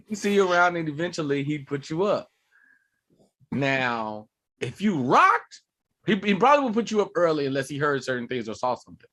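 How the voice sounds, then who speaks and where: A man, a comedian and podcast co-host, telling animated, profane stories in casual chat. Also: on the high side, brisk.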